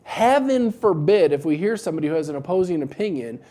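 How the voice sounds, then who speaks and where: A man with a mellow, warm voice talks casually to camera, giving business advice with a wry, joking edge. He tells animated little stories to make his point. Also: on the high side, fast. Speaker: business coach for dental practices.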